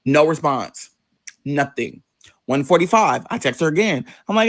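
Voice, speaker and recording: A man spins a personal story with lots of swearing and sudden leaps into high, mocking voices for the people he quotes. His everyday voice sits a bit high for a man. The sound is dry and close, with no room echo. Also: normal speed. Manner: animated, profane, acts out quoted voices with big pitch jumps. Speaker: vlogger telling a personal story. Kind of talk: casual storytelling monologue.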